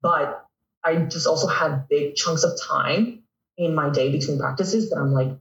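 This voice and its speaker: A young man in his twenties with a Canadian accent, telling stories as a guest in a casual interview, animated and laughing often. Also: on the high side, unhurried, vocal fry. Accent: Canadian English. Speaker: guest, pro volleyball player. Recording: echoey, from a distance.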